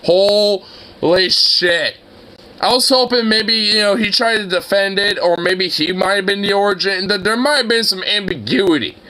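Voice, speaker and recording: A young man reacting to videos, excitable and exclamatory, laughing and swearing often. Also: sits high, normal speed.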